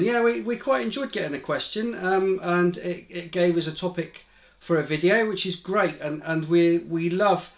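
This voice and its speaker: A man's voice: fairly high pitch, reverberant. A man chatting casually on a family vlog, agreeable and hesitant, with many fillers. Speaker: vlogger parent. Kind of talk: casual chat.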